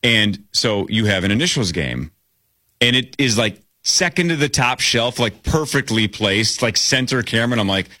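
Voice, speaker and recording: A man's voice: medium pitch, lively intonation, normal speed, pushed and bright, dry recording. A man hosting a casual sports talk show, joking and bantering with his co-hosts in a studio. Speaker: radio show host.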